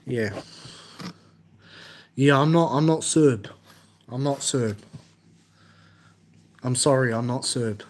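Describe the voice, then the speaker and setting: A young Australian man with an Australian accent, chatting casually on a live stream and answering viewers' comments in a halting, repetitive way. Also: medium pitch, slight background noise.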